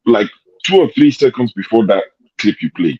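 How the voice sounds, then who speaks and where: A man's voice: lowish voice, sing-song, moderate pace, darkish tone, husky, highs cut off. A man hosting a casual political commentary show, arguing his points with rhetorical questions over a remote call. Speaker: show host.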